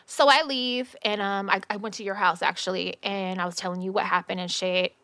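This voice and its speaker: Woman, casual chat, animated storytelling, slangy, profane, dry close sound. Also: medium pitch, brisk, no echo.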